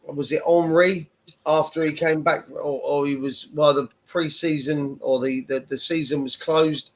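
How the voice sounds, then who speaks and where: A man hosting a casual football fan podcast, often pausing and restarting his sentences. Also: on the high side, steady tone, poor audio. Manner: hesitant, restarts with repeated words. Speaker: podcast host. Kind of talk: casual chat.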